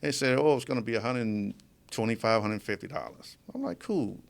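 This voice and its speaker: A man's voice: mid-range voice, brisk, gravelly. A man being interviewed as a guest in a studio, telling his story casually and with animation, often laughing as he talks. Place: media studio.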